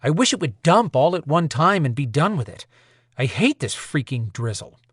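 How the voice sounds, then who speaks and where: A man's voice: a little high, big pitch swings, moderate pace, breathy edge, no room sound, studio quality. A man reading an audiobook voices a determined woman supernatural warrior, blunt and impatient. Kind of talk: audiobook character voice.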